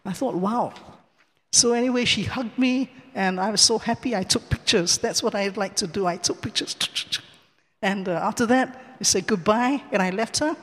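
A man giving a personal testimony in a cathedral, telling the story in a lively way, acting out the dialogue and chuckling often. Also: high voice, moderate pace, big-room sound. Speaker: church speaker giving testimony. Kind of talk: personal testimony told from the pulpit. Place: large cathedral.

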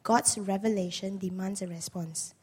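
Woman from Malaysia, guest preacher, hoarse voice, earnest and questioning. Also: medium pitch, fairly even intonation, moderate pace, mellow. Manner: earnest, asks the congregation questions. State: hoarse, lost voice. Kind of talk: sermon. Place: church.

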